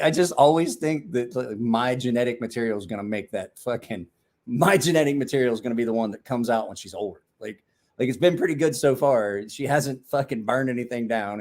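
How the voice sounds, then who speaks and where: A man's voice: mid-range voice, brisk. A man hosting a casual livestream, telling rambling, profane stories, laughing often and answering viewers' comments. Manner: talks back to viewers' comments. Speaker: livestream host. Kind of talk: casual live-stream chat.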